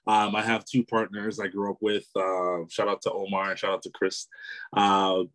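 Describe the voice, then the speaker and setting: Easygoing man with a lowish voice. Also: completely flat delivery, normal speed, a bit bright, poor audio. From Canada. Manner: easygoing, rambling, many "you know" fillers, laughs easily. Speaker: author and entrepreneur, guest. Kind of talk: casual interview talk.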